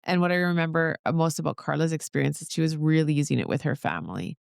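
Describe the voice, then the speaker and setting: A woman's voice: sits low, fast talker, vocal fry, clear, resonant tone, dry recording, studio quality. A woman hosting a podcast interview, affirming and enthusiastic, laughing easily. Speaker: podcast host. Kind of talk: warm interview conversation.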